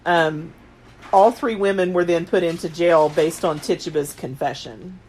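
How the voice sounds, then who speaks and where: A woman in her late thirties co-hosts a podcast, retelling history in relaxed conversation that rambles and overflows with filler words. Her voice sits on the low side, slightly mellow and measured in pace, with a bit of hiss or hum in the recording.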